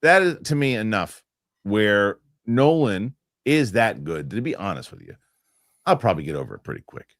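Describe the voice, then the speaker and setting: Lively, emphatic male show host. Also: on the low side, moderate pace. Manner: animated, repeats himself, emphatic. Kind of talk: casual panel chat about films.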